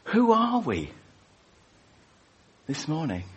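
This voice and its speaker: A man's voice: on the high side, wildly swooping pitch, takes it slowly, breathy edge, lo-fi sound. A man leading prayer and preaching a sermon in an informal, conversational way, putting questions to the congregation. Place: church service.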